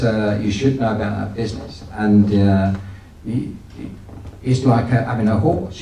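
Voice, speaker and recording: A man's voice: fairly low pitch, dark tone, slight background noise. A man giving a folksy, anecdotal business talk to an audience, with frequent restarts. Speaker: guest speaker. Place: event hall. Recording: echoey hall, distant from the mic.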